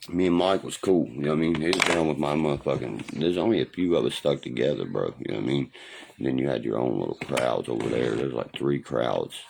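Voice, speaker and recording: Middle-aged guy rambling on a phone livestream, super low gravelly voice, keeps cussing and going "you know what i mean". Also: brisk, background noise. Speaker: livestream host. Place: home livestream.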